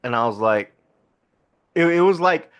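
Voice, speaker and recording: A man co-hosts a casual podcast and retells a movie's plot at length. He rambles, backtracks and laughs as he talks, and his pitch jumps around a lot. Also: lively intonation, measured pace, clean tone. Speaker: podcast co-host. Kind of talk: casual film review chat.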